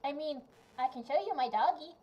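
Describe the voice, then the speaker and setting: A woman's voice: high-pitched, a little fast, natural voice. A woman voicing a cheerful, curious little girl summoner in a tabletop game, talking in a bubbly, chatty way. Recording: muffled lo-fi mic.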